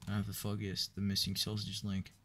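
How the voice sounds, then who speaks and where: A man reading a joke book aloud in a flat, weary way, with profane asides. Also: lowish voice, a little fast, a little hiss or hum. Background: clear background music.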